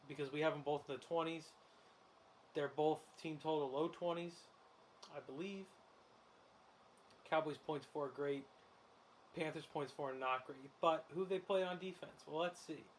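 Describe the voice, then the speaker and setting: Excitable male host, fairly high voice, laughs a lot, live betting chatter over a faint hiss. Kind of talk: casual sports betting commentary while watching a game.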